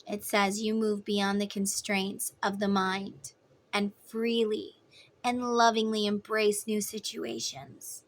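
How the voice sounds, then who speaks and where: A woman's voice: medium pitch, little pitch movement, slow. A woman giving a casual tarot reading, talking in an emphatic, chatty way. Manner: emphatic, chatty, acts out voices in quotes. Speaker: tarot reader.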